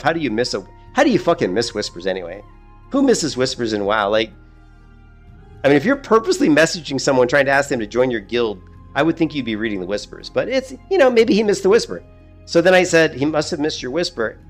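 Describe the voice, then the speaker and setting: A man's voice: mid-range voice, big pitch swings, quick pace, soft background music. Rambling, profane middle-aged man streaming games. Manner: rambling, profane, laughs at his own stories. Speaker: gaming streamer. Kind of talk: casual chat while streaming gameplay.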